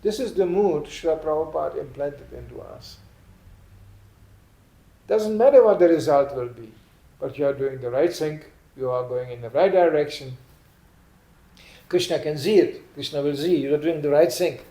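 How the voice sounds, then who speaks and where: A man gives an animated storytelling sermon, acting out quotes in a raised voice. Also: fairly high pitch, moderate pace, pauses often. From Sweden. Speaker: spiritual lecturer. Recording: echoey room.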